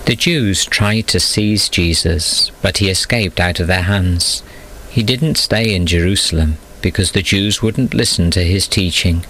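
A man with a low voice reads a children's Bible story aloud. His delivery is calm and measured, the steady pace of a storyteller. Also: slight background noise, low-quality recording. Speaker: narrator.

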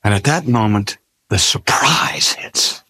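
An older man giving an earnest, measured sermon, slowing down for emphasis. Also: fairly low pitch, expressive, sharp tone, husky, no room sound, whispered. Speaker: preacher. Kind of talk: sermon on suffering.

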